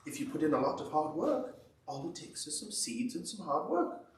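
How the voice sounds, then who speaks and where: A man's voice: a little high, sing-song, normal speed. Frog, a man doing an upbeat English frog. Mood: cheerful. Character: upbeat cheerful optimistic male frog. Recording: echoey hall from far off.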